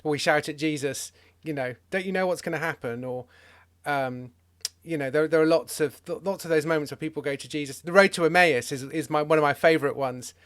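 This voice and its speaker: Chatty man with a slightly high voice. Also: steady tone, a little fast, fairly bright tone, clean tone. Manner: thinking aloud with frequent restarts, playful. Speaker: podcast host. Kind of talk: casual conversation about comedy and faith.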